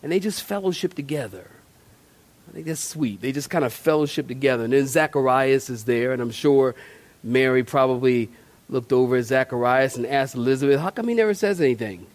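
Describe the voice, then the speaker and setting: A man's voice: mid-range voice, fairly even intonation, fairly quick. A male pastor giving a sermon in a folksy, conversational way, talking straight to his congregation and repeating phrases for emphasis.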